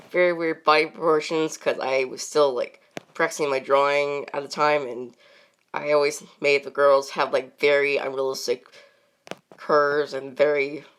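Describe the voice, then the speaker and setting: A woman's voice: deep voice, a bit bright, clean tone. A woman chatting casually and unscripted as a channel host, rambling with many fillers and frequent laughs.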